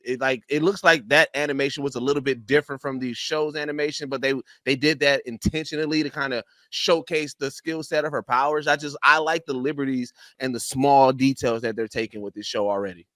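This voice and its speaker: Man, podcast co-host, laid-back rambling, bright tense voice, dry close sound. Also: medium pitch, fairly even intonation, brisk, hardly any pauses, no room sound. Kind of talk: casual chat.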